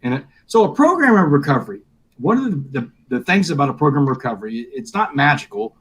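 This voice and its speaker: Husky-voiced man telling a story. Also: medium pitch, quick pace. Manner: animated storyteller, acts out quoted dialogue. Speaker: guest. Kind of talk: storytelling in a live interview.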